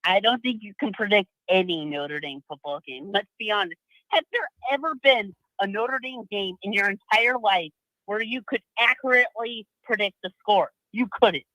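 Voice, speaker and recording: A man's voice: high-pitched, moderate pace, bright, forceful tone, dry recording, rough recording. A male caller on a sports show, speaking bluntly and complaining. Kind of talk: phone call-in.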